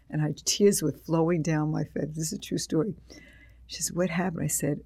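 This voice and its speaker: A man's voice: a little high, steady tone, brisk, gravelly, a little mellow, slightly rough. An older man, an author and teacher being interviewed, rambling through anecdotes with many restarts and acted-out quotes.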